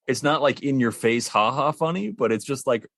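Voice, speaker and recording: A man's voice: mid-range voice, normal speed, a bit bright, no room sound. A man co-hosting a podcast, talking casually in a rambling, hesitant way with frequent restarts. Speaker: podcast co-host.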